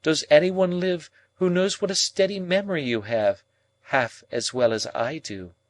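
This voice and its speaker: A man reading an audiobook, voicing a proud, cool young woman who speaks in measured, cutting reasoning. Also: a little high, dry recording, voice pushed up, close to an everyday voice.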